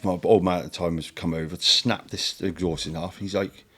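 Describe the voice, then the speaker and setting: A man's voice: sits low, fairly even intonation, normal speed, pushed and bright. A man hosting a casual chat, speaking bluntly and swearing freely. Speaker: host.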